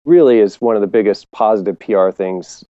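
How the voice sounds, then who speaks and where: A man's voice: on the low side, brisk, no room sound, narrow, tinny audio. A man co-hosting a casual marketing podcast, rambling with restarts and laughter. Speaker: podcast co-host. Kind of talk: casual chat.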